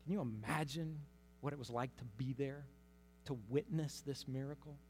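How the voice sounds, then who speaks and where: A man giving conversational Bible teaching, telling the story in a lively way with humorous asides. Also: mid-range voice, moderate pace. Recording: long hall reverb.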